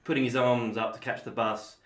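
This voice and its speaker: Dry, wry podcast co-host. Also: male voice, medium pitch, level tone, fairly quick, a bit bright. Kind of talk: casual chat. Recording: echoey room.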